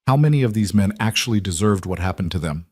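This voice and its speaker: A man narrating an audiobook voices a weary female detective who questions in a measured, level way. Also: low-pitched, animated, dry recording, clean studio sound. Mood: pressing.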